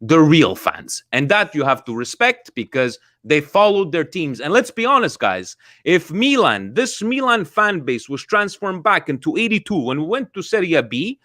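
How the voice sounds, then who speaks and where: A man's voice: fairly high pitch, very animated, normal speed, few pauses, pushed and bright, no room sound. Insistent man on a podcast, dry mic. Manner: insistent, keeps trying to take the floor. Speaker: podcast host. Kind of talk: casual chat.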